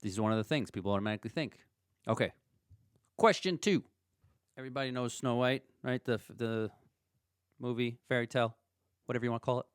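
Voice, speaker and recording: A man hosting a podcast trivia game, playful and animated, with ranting asides. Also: mid-range voice, fast, long pauses, clear, resonant tone, no echo, studio quality. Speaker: podcast host.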